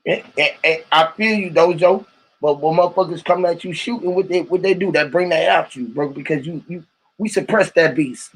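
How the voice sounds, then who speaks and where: A man's voice: a little high, fairly quick, fairly bright tone, husky, poor audio. A man hosting a live stream, rambling in heavy slang with profanity and lots of rhetorical questions, greeting callers who join a voice chat.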